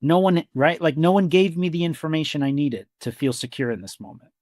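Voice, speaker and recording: A man's voice: on the high side, a little fast, darkish tone, dry recording, clean studio sound. Reflective male therapist telling stories. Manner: reflective storyteller who acts out quoted dialogue, with frequent "you know" and "like". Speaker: therapist and podcast co-host. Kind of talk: conversational podcast discussion.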